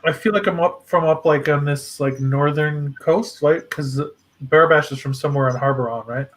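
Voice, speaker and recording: Male player, slightly high voice, casual filler-heavy chat. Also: normal speed, fairly bright tone. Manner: casual, peppered with "like".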